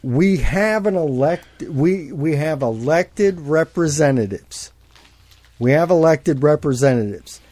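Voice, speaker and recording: A man's voice: fairly high pitch, lively intonation, slow, mellow, dry recording. A man guest in a heated political chat, passionate and emphatic, repeating himself for force.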